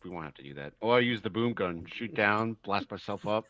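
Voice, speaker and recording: A man's voice: on the low side, animated, fairly quick, heavy background noise. A man playing in a tabletop game, talking in a cocky, playful way. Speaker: player. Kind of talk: casual tabletop game chat.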